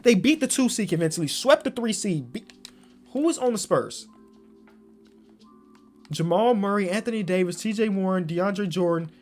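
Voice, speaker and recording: A young man giving slangy commentary on a basketball video game, swinging from low muttering to loud excited yelling. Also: normal speed, long pauses, faint music behind. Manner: slangy, talks to himself about the game. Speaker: gaming YouTuber.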